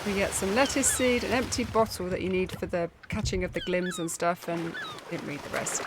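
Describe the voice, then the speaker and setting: A woman's voice: lowish voice, fairly even intonation, brisk, noisy background. A woman chatting over her gameplay with sarcastic asides. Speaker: gaming streamer. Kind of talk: let's play commentary.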